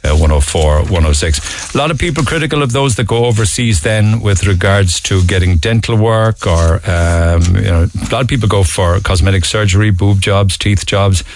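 A man's voice: lowish voice, moderate pace, slight background noise. A man with a Cork Irish accent hosting a talk radio show, reading listener texts in a chatty, amused way. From Ireland. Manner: chatty, amused, often laughing. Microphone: studio microphone.

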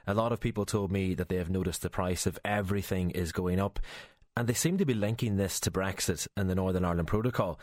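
A man delivers a news report in a low, measured voice. The recording is dry and close. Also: no room sound. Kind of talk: news report and street interviews.

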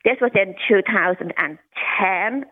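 A woman in her sixties speaks candidly as a caller on a radio show, now and then repeating words as she stutters. Her voice comes through a tinny phone line at a middle pitch. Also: unhurried. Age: 60s. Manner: candid, with occasional stutter repetitions.

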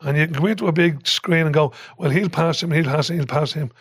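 Guest: older Irish man, high-pitched and animated, sweary storyteller, dry close mic. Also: fast talker, slightly rough, no echo. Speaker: podcast guest, former football manager. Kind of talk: casual storytelling chat.

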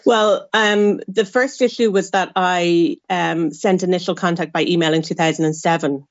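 A woman's voice: fairly low pitch, steady tone, normal speed, no room sound, muffled recording. An Irish woman giving a radio interview, speaking frankly and with exasperation, with wry asides. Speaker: interview guest, adopted person.

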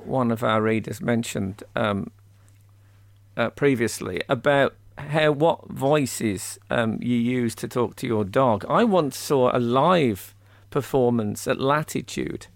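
A man's voice: mid-range voice, takes it slowly, gravelly, no echo. A man hosting a casual radio chat from home, joking in a dry, self-mocking way. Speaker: radio host. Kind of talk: casual banter.

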